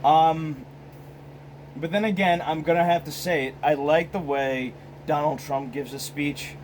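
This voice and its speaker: A man's voice: on the high side, fairly even intonation, a little slow, a little mellow, slight background noise, poor audio. An American man hosting his own casual vlog, rambling and profane, filmed on a phone. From United States. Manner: rambling, profane, many restarts. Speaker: host.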